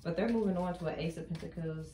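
A woman's voice: on the low side, fast talker, dark tone, reverberant, a little hiss or hum. A woman giving a casual tarot card reading. She talks emphatically and keeps repeating her points with chatty affirmations. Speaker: tarot reader.

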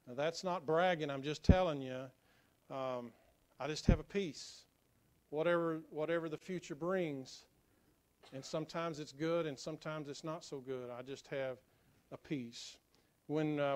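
A middle-aged man preaches from the pulpit, his voice pitched a little high for a man. He jokes lightly with his congregation, then drops into a quiet, earnest tone as he tells stories. His delivery comes in loose, halting phrases. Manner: joking asides, then quiet earnest storytelling. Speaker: pastor. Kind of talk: sermon. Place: church sanctuary.

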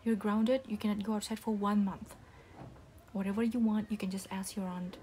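A young woman playing a disappointed, stern single mother in a whispered role-play, speaking softly and haltingly with many restarts. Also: medium pitch, level tone, slight background noise, close to an everyday voice. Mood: stern, scolding. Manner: soft-spoken, halting with restarts.

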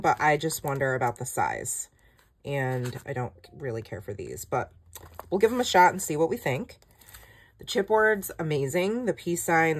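A woman with a low voice chats casually as she flips through a product in her craft vlog. She gushes excitedly, with frequent gasps and exclamations.

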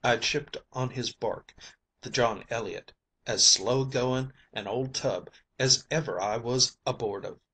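Slow, husky male audiobook narrator. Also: mid-range voice, a bit bright. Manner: reads in a folksy old sailor's dialect. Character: old male night watchman spinning a sea yarn. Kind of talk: audiobook reading of a comic sea yarn.

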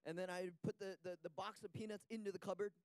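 A man interpreting a sermon live, halting and restarting often. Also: high voice, steady tone, a little mellow, clear, resonant tone, dry recording.

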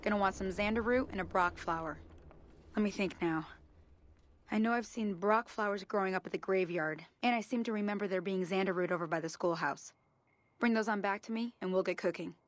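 A woman's voice: medium pitch, fairly quick, no room sound, natural voice. A helpful, folksy townswoman, played by a woman in a video game, speaking with an easygoing drawl. The recording is dry and close, in a mid-range voice. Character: friendly folksy female townsfolk guide, helpful.

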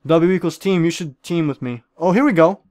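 Fairly quick and fairly high-voiced, a gaming video creator jokingly poses as a celebrity chef while firing excitable, profane remarks at the other players during play. There's no room sound at all in this dry recording.

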